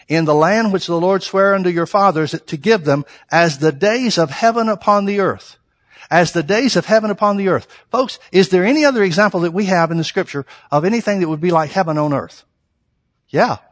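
A man preaching a sermon, reading scripture slowly and pressing his points with rhetorical questions to the congregation. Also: on the high side, long reverb tail. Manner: reads scripture slowly and deliberately.

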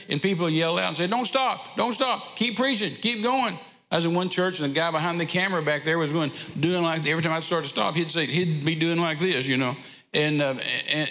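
A man's voice: a little high, gravelly, a bit bright, in a large hall. A man, preaching an informal, rambling sermon in a church and repeating phrases for emphasis. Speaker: traveling preacher. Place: church sanctuary.

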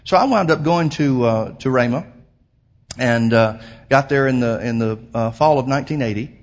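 A man's voice: medium pitch, moderate pace. A middle-aged man preaching a sermon as pastor, stressing his points with rising emphasis and slipping into a rambling personal story full of fillers.

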